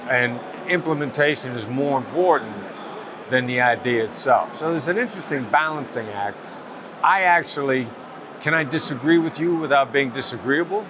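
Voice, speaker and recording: Man, mid-pitched voice, calm measured explanations, outdoor recording, traffic behind. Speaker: negotiation expert guest. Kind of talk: interview answers. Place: outdoors at a summit event.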